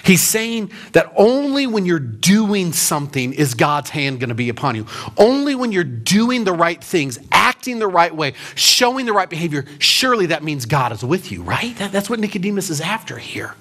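Husky-voiced man preaching conversationally. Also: sits high, very animated, normal speed, fairly bright tone. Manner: storytelling, emphatic with rhetorical questions. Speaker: pastor. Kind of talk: conversational sermon. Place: church.

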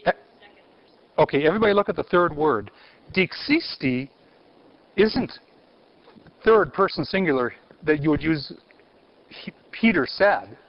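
A man giving a university theology lecture in an animated way, quizzing his audience and restarting phrases. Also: a little high, a little slow, long pauses. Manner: animated, asks the audience questions, frequent restarts. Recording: muffled lecture recording.

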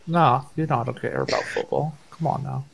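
Young male gamer, casual, wry, explains things with swearing, mid-pitched. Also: fairly even intonation, fairly quick, gravelly, slight background noise. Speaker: gamer co-player. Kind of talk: casual gaming chat.

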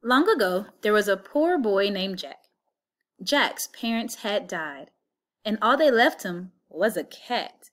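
Woman reading a kids' picture book aloud, lilty and expressive. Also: medium pitch, takes it slowly. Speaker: storybook reader.

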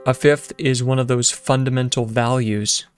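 A man's voice: mid-range voice, steady tone, normal speed. A man giving a casual music lesson, thinking aloud with fillers and restarts and sometimes humming rhythms. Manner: hums and counts rhythms aloud. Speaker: music teacher. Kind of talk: casual lecture with keyboard demos. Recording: piano playing in the background.

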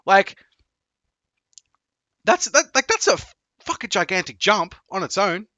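A man's voice: high-pitched, unhurried, dry recording, lo-fi sound. A man coaching video games on a live stream, chatting casually, swearing and joking with viewers. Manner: profane, joking, excitable.

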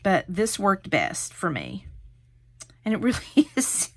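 A woman's voice: mid-range voice, huge pitch swings, takes it slowly. Chatty woman demonstrating a craft. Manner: chatty, encouraging, step-by-step. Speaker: crafting tutorial host.

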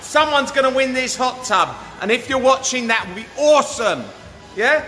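A man hosting a hot tub giveaway livestream, hyping up his viewers with a pushy sales pitch and constantly asking "yeah?". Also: expressive, normal speed, pushed and bright. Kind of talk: live-stream sales pitch. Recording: echoey room with music behind.

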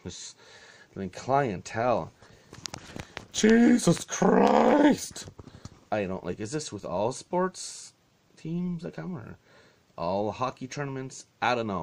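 A man telling a story in a casual vlog, exasperated and sarcastic, swearing freely. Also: on the low side. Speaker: vlogger.

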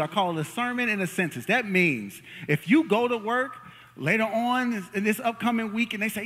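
Young man, pastor, lively sermon, joking with the congregation, bright forceful voice, long church reverb. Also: high-pitched, normal speed. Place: church sanctuary. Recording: long reverb of a large hall.

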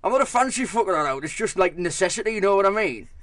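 A man voicing a brash, matey male Yorkshire Terrier boss with a Teesside accent, shouting blunt offers in a comic story. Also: high-pitched, expressive, very fast, no room sound, voice pushed up.

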